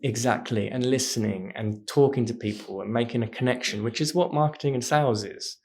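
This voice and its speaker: A man, a podcast guest telling stories in a casual, animated way. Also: mid-range voice, a little fast. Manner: animated, acts out voices in anecdotes. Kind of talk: casual storytelling chat.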